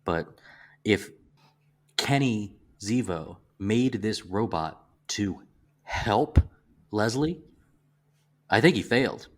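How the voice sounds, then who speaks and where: Southern man, low voice, casual podcast co-host, halting and reflective. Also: expressive. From American South. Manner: halting, restarts often, thoughtful. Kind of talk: casual movie discussion.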